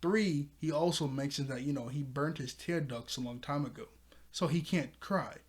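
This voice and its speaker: A man's voice: on the high side, normal speed. Rambling man recapping an anime episode. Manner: rambling, chuckles often, many fillers. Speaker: anime reviewer.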